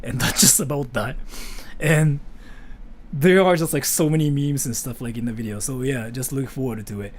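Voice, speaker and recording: A man's voice: mid-range voice, normal speed, slight background noise. A man, chatting playfully on a livestream and reading donations. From Japan. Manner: playful, rambling, reads donations aloud. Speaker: streamer and voice actor. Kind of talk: casual livestream chat.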